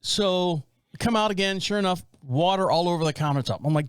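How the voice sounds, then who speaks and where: A man's voice: sits high, brisk, clear, resonant tone, no echo, clean studio sound. A man in his forties co-hosting a podcast, telling a long story with lots of restarts. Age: 40s. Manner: rambling, animated storytelling with frequent restarts. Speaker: podcast co-host. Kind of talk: casual storytelling chat.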